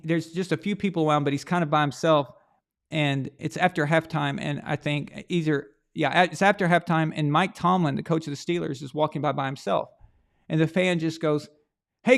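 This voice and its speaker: Hosting a sports show, a man launches into a blunt, profane rant about coaching. His slightly high voice has a gravelly fry, and he drives the same point home again and again with angry rhetorical questions in this opinionated commentary.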